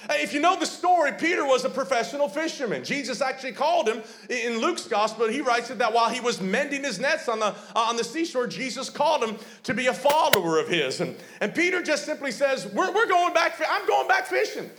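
A man's voice: very high-pitched, animated, fast, few pauses, fairly bright tone. A man preaching a sermon as a pastor, fervent and emphatic. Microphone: streamed online sermon.

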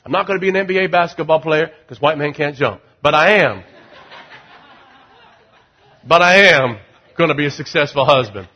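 A middle-aged male pastor delivering a sermon in a high, bright, forceful voice. He drops into easygoing conversational asides, then climbs into loud, ringing declarations. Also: normal speed, pauses often, lo-fi sound. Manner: animated preaching, swings from quiet asides to loud declarations.

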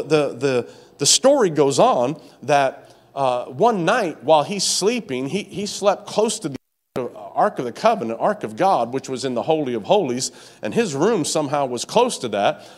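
A male pastor tells a story during his sermon, stammering and restarting often. He jumps up high in pitch to act out its scenes.

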